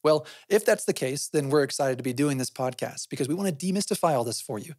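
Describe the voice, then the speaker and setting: A man's voice: a little high, animated, fast talker, a little mellow, no room sound. A man hosting a podcast, explaining things in a conversational way and often asking himself questions, then answering them. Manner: often adds "right?" as a tag. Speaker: podcast host.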